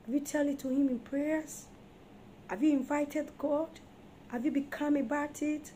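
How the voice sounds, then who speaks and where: A woman's voice: high-pitched, steady tone, a little slow, warm tone, a little hiss or hum. A woman preaching an emphatic sermon on marriage, firing rhetorical questions at her listeners.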